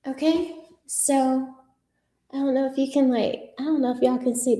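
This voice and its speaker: A young adult woman with a high, warm voice hosts a casual livestream as a news commentator, speaking at a moderate pace with fairly even intonation. She chats with viewers sassily and profanely, using lots of fillers.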